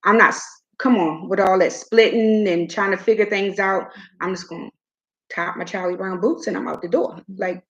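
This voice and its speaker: A middle-aged woman hosting a casual chat, telling a personal story in an animated way and acting out what others said. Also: medium pitch, moderate pace, highs cut off. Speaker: host.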